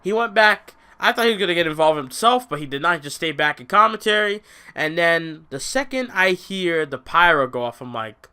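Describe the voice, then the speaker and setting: A man casually reviewing a wrestling show on his own vlog, excitable and rambling, often restarting his sentences. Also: high-pitched, normal speed, clean tone.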